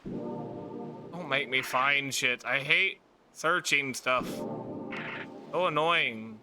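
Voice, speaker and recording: A man's voice: medium pitch, extremely slow, pushed and bright, a little hiss or hum. A man giving let's play commentary on a video game, exasperated and swearing often. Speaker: gaming video creator. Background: game music.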